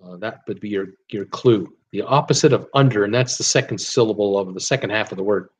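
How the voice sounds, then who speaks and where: A man's voice: fairly low pitch, quick pace, breathy edge. A man hosting a casual live-stream trivia quiz, reading out viewers' guesses with lots of ums and uhs and chuckling at his own jokes.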